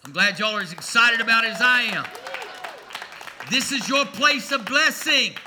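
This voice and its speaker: A man's voice: extremely high pitch, expressive, normal speed, a crowd in the background, background noise. A man preaching a sermon to his congregation in a folksy, emphatic way, mixing humor into his message. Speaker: pastor. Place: church before a congregation.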